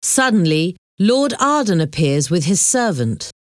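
Slow, deliberate woman storyteller. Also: fairly low pitch, very animated, no echo, studio quality. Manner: clear, deliberate reading. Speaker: narrator. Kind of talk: reading a children's story aloud.

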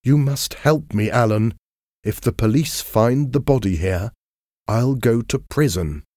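Brief: male narrator voicing an anxious, pleading young gentleman, close dry sound. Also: mid-range voice, measured pace, no room sound, pitched above the performer's own voice, close to an everyday voice. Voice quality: pleading, urgent. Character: desperate young man, pleading and threatening.

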